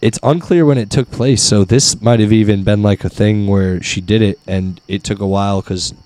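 A man's voice: fairly low pitch, fairly even intonation, normal speed, dark tone. A man hosting a casual podcast, joking crudely and rambling in loose chat. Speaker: podcast host. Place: porch, outdoors.

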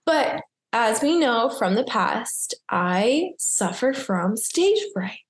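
Co-host: young woman, bright-pitched, chatty and self-mocking, on a video call with a roomy echo. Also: animated, slow. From Maynard, Massachusetts. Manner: chatty storyteller, giggly, self-deprecating. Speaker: wedding photographer, podcast co-host. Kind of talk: casual chat.

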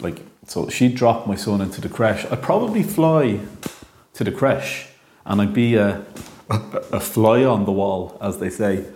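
A man's voice: lowish voice, a little mellow. An Irish man in his thirties telling a rambling, jokey monologue, hesitant and full of ums. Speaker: monologue talker. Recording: echoey room.

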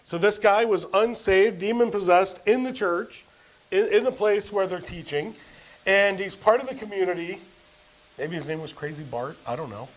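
A pastor with a high voice preaches to his congregation. He keeps asking them questions and answering them, and he reads scripture aloud with rising emphasis. The sermon is delivered at a church service. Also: moderate pace, poor audio.

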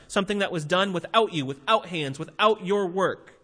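A man preaching a sermon in a conversational, animated way, acting out little voices as he explains scripture. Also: high-pitched, normal speed, hardly any pauses. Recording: hall reverb.

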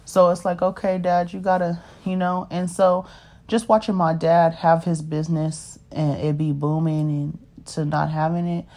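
A woman's voice: lowish voice, little pitch movement, moderate pace, warm tone. A woman, telling her life story in a rambling, casual way and often asking "you know what I mean?". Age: 30s. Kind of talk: casual personal monologue.

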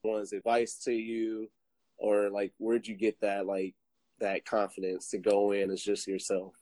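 Hesitant British man, lowish voice. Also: monotone, a little slow, mellow, dry recording, low-quality recording. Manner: hesitant, filler-heavy. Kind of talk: casual group conversation.

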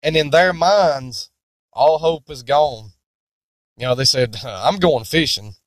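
Slow, earnest male preacher. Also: a little high, dry recording. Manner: deliberate, emphatic, earnest. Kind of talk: sermon-style Bible teaching.

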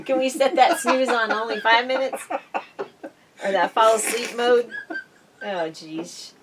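A woman's voice: on the high side, slow pace, long pauses, far from the mic, background noise. A middle-aged woman co-hosting a casual chat podcast, telling stories in a chatty way and laughing often. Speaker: podcast co-host.

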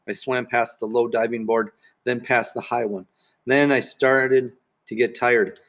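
A man reading a children's book aloud in the first person, in a plain, steady voice. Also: medium pitch, a little slow. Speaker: audiobook narrator. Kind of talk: first-person storybook narration.

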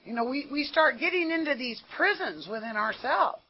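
A woman's voice: high-pitched, expressive, normal speed, slight background noise. Earnest woman telling her recovery story. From United States. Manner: earnest, conversational storytelling with frequent "you know". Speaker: speaker at a recovery meeting. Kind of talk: personal recovery testimony. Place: meeting room. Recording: dull lo-fi meeting tape.

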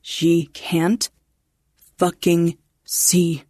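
A woman's voice: mid-range voice, fairly even intonation, unhurried, creaky, dark tone, breathy edge, dry recording, clean studio sound. A woman voicing a tense young woman, the pilot's partner, asking tight, upset questions. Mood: furious.

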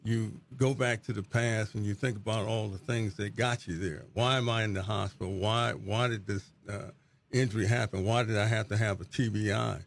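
Gravelly middle-aged pastor, earnest. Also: male voice, lowish voice, steady tone, moderate pace, slight background noise. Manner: earnest, repeats words as he searches for them. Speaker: pastor and interview guest. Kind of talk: reflective testimony.

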